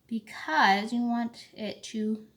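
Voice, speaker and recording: A woman walks through making a handmade card in an easy, chatty tutorial voice, thinking aloud as she goes. She speaks very slowly, with a bright tone. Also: a little high. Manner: slow, chatty, thinking aloud while working. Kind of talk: casual craft tutorial talk.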